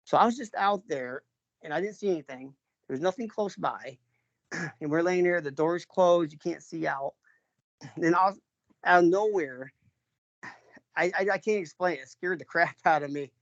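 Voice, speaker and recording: A man from New York telling a personal story in a loose, rambling way, full of fillers and restarts, often clearing his throat. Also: a little high, normal speed, pauses often, no echo. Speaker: interviewee, father recounting an encounter. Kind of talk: casual spoken storytelling. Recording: dull lo-fi recording.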